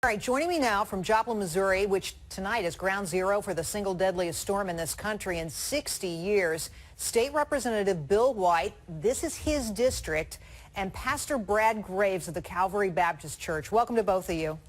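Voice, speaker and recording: A female television news anchor giving a brisk, scripted introduction to a live interview. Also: mid-range voice.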